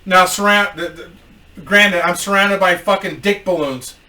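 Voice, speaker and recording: A man tells a comic story, animated and swearing nonstop, in a high, bright voice. The sound is roomy, with the mic set back from him. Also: measured pace. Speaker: comedian storyteller. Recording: roomy echo, mic at a distance.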